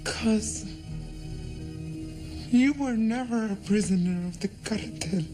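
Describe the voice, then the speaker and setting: A woman's voice: a little high, takes it slowly. A shaken, accusing woman. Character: shaken woman confronting a liar. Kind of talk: TV drama acting. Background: music score.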